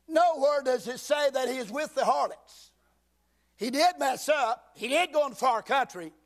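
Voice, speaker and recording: High-voiced preacher reading scripture slowly. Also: male voice. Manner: reads scripture slowly in old King James wording, breaking off with folksy asides; rises to shouted emphasis. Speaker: pastor. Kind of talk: sermon. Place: church sanctuary.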